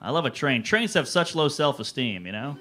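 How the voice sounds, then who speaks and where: A man performing a stand-up comedy set, with punchy joke delivery that jumps into high-pitched character voices. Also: animated, brisk, sharp tone.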